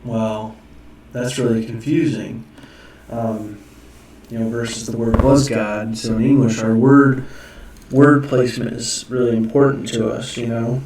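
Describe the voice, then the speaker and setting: Casual teacher, man, gravelly and unhurried, off-mic in a roomy space, muses aloud. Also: medium pitch, fairly even intonation, a little mellow, far from the mic, slight background noise. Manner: musing, self-correcting, thinking aloud. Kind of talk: casual screen-share lesson. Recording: echoey room, off-mic.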